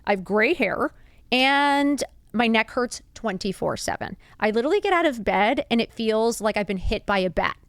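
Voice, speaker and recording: A woman in her fifties hosts a podcast, speaking candidly and bluntly to listeners as if confiding in them. She's animated, laughing and slipping into high put-on voices for quotes. Her pace is normal and there's no echo.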